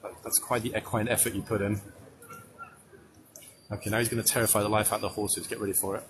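A man's voice: on the low side, flat delivery, quick pace, noisy background. A man working as a tour guide, giving chatty, joking live commentary to a group outdoors. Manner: joking, chatty, addresses the crowd. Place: outdoors at a ceremony. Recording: outdoor crowd ambience.

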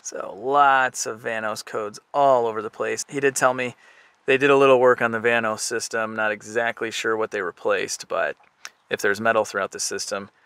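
Male vlogger, gravelly and bright, chatty inspection commentary outdoors. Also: medium pitch. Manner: chatty, thinks aloud while inspecting. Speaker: car flipper vlogger. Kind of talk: casual walkaround commentary.

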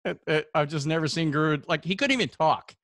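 A man's voice: on the high side, fast talker, fairly bright tone, dry recording. Easygoing man, dry close sound. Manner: easygoing, chatty, with filler words. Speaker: podcast host and martial arts coach. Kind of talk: casual podcast chat.

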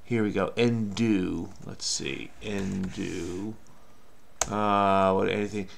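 A man's voice: low-pitched, fairly even intonation, slow, creaky. A man hosting a crossword video, talking through his solve in a rambling, self-mocking, chatty way. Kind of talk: casual solo commentary while solving.

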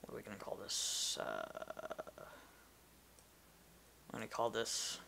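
A man's voice: lowish voice, sing-song, slow, creaky, noisy background. A man giving casual gameplay commentary, rambling and easily distracted, talking to himself as he plays. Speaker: gamer.

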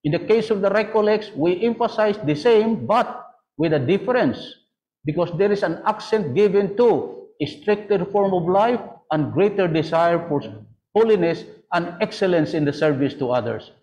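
A man's voice: high-pitched, expressive, normal speed, darkish tone. A man, a priest on a panel, explaining in a preaching way and asking rhetorical questions. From Philippines. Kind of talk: answering a question in a panel talk. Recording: dull lo-fi audio.

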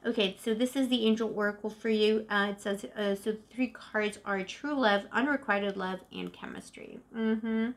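A woman's voice: mid-range voice, fairly even intonation, moderate pace, hardly any pauses. A woman in her forties doing a casual tarot reading to camera, chatty and emotive, often calling the viewer "boo-boo". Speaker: tarot reader.

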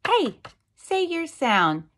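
A woman shouting as the bossy Magic E letter. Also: high-pitched, very animated, very slow, pitched above the performer's own voice, heavily acted. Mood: commanding. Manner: loud commanding shout.

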